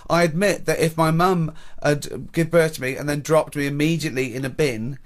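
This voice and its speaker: A man arguing back in an incredulous, quick way during a casual radio chat. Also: a little high, fairly even intonation. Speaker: radio co-host.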